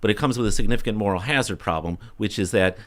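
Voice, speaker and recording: A man speaking as a guest expert on a radio talk show, explaining policy in a brisk, opinionated way. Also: lowish voice, a bit bright. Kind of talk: radio discussion.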